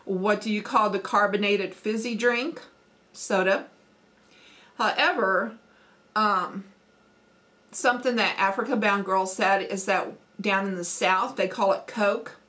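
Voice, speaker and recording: A woman's voice: mid-range voice, fairly even intonation, unhurried, bright, forceful tone. Folksy Midwestern woman chatting. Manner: chatty, folksy, frequent ums and laughs. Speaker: homesteading vlogger. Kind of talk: casual accent challenge chat.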